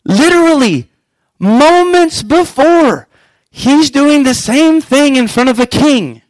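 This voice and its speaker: A man preaching a sermon as pastor, animated and acting out scripture scenes. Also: extremely high pitch, takes it slowly, no echo, poor audio.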